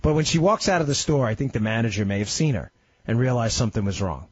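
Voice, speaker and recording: Husky, lively radio host man. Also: fast talker, no echo. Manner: emphatic storytelling with sudden pitch swings. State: slightly ill. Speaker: radio talk show host. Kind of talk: impassioned talk radio monologue. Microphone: studio microphone. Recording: dry, slightly dull radio studio audio.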